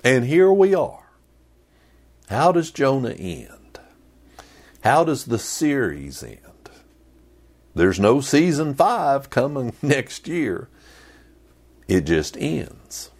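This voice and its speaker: A male pastor preaching a sermon in an animated, conversational way with playful asides. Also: medium pitch, creaky, slightly rough.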